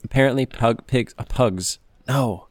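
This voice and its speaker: A man's voice: medium pitch, a little slow, no echo. A man hosting a playful animal-facts podcast for kids, chatty and goofy, full of puns and silly asides. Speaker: podcast host.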